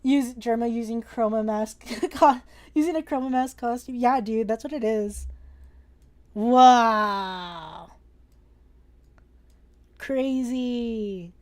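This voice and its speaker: A young woman hosts a casual live-streamed drawing lesson with a slightly high voice. She is playful and excitable, jokes with her viewers and swears in passing. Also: slow, long pauses.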